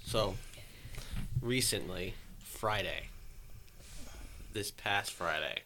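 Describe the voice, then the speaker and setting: A man's voice: lowish voice, very slow, noisy background. A man casually telling a long story, rambling and swearing, and acting out his own thoughts.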